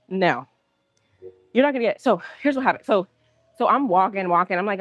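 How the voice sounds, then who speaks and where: A woman's voice: medium pitch, a little fast, faint music behind. Indignant woman ranting on a livestream. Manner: indignant, animated, acts out quotes. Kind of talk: casual storytelling rant.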